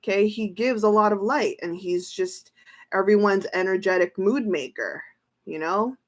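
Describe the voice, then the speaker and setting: A woman tarot reader in a casual livestream, excitable, exclaiming and repeating herself as she reads cards. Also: mid-range voice, normal speed.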